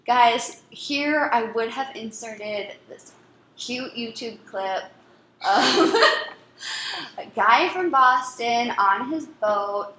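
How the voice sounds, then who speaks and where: Lively, high-voiced woman, teasing co-host. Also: drawn-out words, a little hiss or hum. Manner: playful, teasing, giggly. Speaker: podcast co-host. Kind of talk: casual chat. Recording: echoey room.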